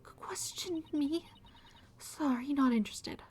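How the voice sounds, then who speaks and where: A woman's voice: sits high, slow, a little mellow, voice pushed up. A woman doing a teasing whispery young woman. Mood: coy. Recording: faint music behind.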